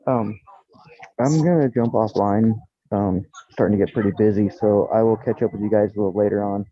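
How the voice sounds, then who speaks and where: Man, casual chat, husky voice, dry lo-fi call audio, relaxed and brief. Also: fairly low pitch, a little fast, no echo. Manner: brief, relaxed, mostly short agreeing replies. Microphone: video call.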